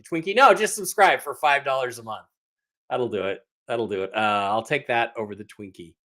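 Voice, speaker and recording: A man's voice: mid-range voice, a little slow, fairly bright tone. A man hosting a casual livestream, greeting viewers in the chat and teasing them in a rambling way. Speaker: livestream host.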